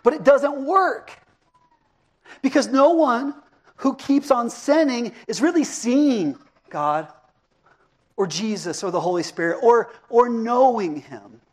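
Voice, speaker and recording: A man's voice: extremely high pitch, lively intonation, a little slow, pauses often. A middle-aged man preaching a sermon as a pastor, talking casually and asking his congregation questions. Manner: conversational, asks the congregation questions. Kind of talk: interactive sermon.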